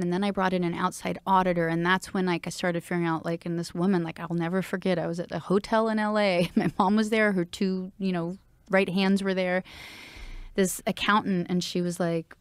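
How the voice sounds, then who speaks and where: A woman's voice: fairly low pitch, fairly even intonation, brisk, clear, resonant tone, no echo, studio quality. A woman, a singer-songwriter and interview guest, talking frankly and reflectively with casual swearing and frequent laughs. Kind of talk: candid emotional interview.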